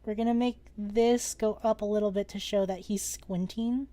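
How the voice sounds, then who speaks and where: A young woman teaching a casual live-streamed drawing lesson, playful and joking, excitable, with casual swearing. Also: medium pitch, normal speed.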